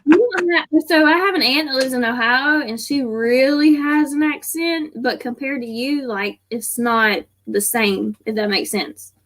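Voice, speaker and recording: High-voiced giggly Southern woman. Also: measured pace, few pauses, a bit bright. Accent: Southern American. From American South. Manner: giggly, friendly. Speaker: guest. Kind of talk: casual livestream chat.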